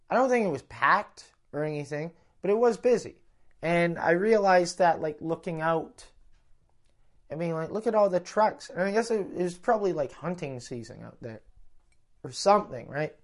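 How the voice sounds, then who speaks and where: A man's voice: on the high side, expressive, normal speed. A Canadian comedian rambles through a travel mishap story, swearing freely and stopping himself mid-sentence. He talks in a loose, conversational way, as if chatting with friends. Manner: rambling, profane, self-interrupting. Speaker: comedian telling a road story. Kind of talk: casual storytelling podcast.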